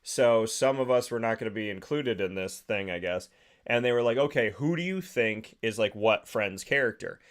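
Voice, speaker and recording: A man hosting a casual podcast, telling a story in a lively, animated way and laughing as he goes. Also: fairly low pitch, moderate pace. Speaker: podcast host. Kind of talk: casual chat.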